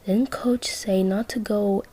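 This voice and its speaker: A woman's voice: mid-range voice, steady tone, slow, dark tone. A woman voicing a snobby teenage girl bully who is whiny and dismissive. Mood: sneering.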